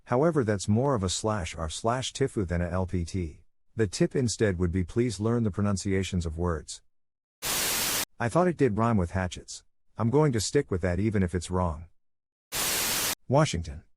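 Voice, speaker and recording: Male narrator, deep and low, reading posts and comments straight through. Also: expressive, moderate pace, noisy background. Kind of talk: scripted narration.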